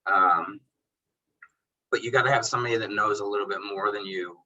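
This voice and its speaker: A man with a fairly low voice talks fairly quickly, and the highs in the recording are cut off. He owns a detailing business and is chatting casually as a podcast guest, telling stories by acting out both sides of old conversations. His manner is animated and laid-back, full of slang, and he calls people "bro" and "dude" throughout this casual interview chat.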